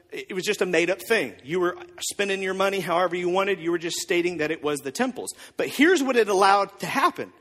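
A male pastor preaching a sermon with joking asides and lively storytelling. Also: high-pitched. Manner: animated storytelling with jokes and asides. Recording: long reverb of a large hall.

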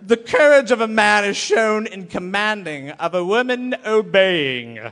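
A man voicing a pompous ancient male philosopher, declaiming slowly and loudly. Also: sits high, expressive, long reverb tail. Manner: slow, loud, declaiming.

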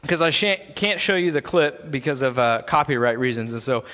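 A man's voice: mid-range voice, animated, normal speed, sharp tone. A man preaching a sermon as pastor in a church sanctuary, earnest and building into impassioned delivery. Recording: long church reverb.

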